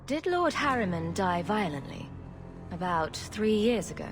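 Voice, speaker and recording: A sarcastic adult heroine in a video game. Her lines come out dry and wry, with lively swings in pitch. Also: measured pace, soft background music. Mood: inquiring. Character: sarcastic adult female hero.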